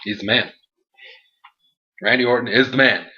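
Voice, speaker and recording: A young man hosting a casual wrestling review show, recapping with animated energy and acting out what people said. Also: mid-range voice, moderate pace, dull audio. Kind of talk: casual chat.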